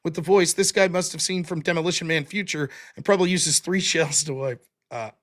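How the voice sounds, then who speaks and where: A man hosting a livestream, reading out viewer donations with quick, offhand thanks and blunt replies with occasional swearing. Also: fairly high pitch, fairly bright tone. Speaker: livestream host.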